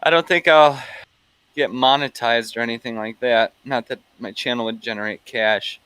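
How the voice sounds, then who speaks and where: A man on a voice call chatting as a guest, relaxed and self-deprecating. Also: mid-range voice, moderate pace, clear, resonant tone, no echo, rough recording. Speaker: guest, video maker. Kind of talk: casual call chat.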